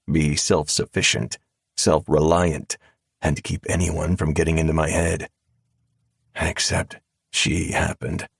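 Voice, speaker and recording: A male narrator reads a first-person audiobook in a calm, measured drawl, his voice extremely deep and unhurried. The sound is husky, and the close studio recording is completely dry. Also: no echo. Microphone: close studio mic.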